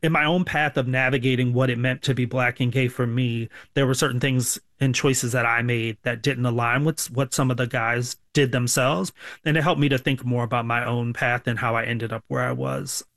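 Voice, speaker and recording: A man from Baltimore, an author and sociology professor, answering radio interview questions in a measured, thoughtful way. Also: medium pitch, dry recording, clean studio sound. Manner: measured, thoughtful, even-toned.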